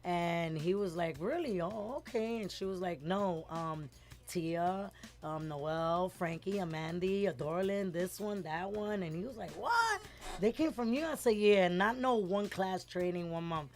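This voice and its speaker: A woman's voice: lowish voice, a little slow. Middle-aged new lady telling a story, acts out everyone's voices, light music under her. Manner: animated, acts out quoted voices, switches between English and Spanish words. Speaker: guest. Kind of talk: casual storytelling interview.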